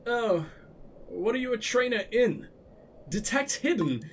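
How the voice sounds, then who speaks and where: A man's voice: very high voice, sing-song, measured pace, a little hiss or hum. A man giving casual, profane, sarcastic commentary while playing a video game. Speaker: let's play host.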